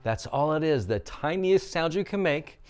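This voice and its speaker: A man coaching vocal exercises, guiding listeners through a warmup with upbeat instructions. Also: on the high side, expressive, normal speed, slight background noise.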